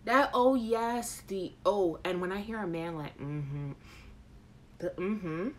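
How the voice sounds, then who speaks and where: A woman's voice: medium pitch, unhurried. A woman hosting a casual live chat show, reading out viewer comments in a playful, frank way. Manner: animated, playful and frank, with laughter.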